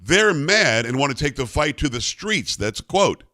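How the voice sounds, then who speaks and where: A man's voice: a little high, big pitch swings, normal speed, sharp tone, no echo, studio quality. A man hosting a political talk radio show, delivering a blunt, combative monologue with a mocking edge and his own ad reads.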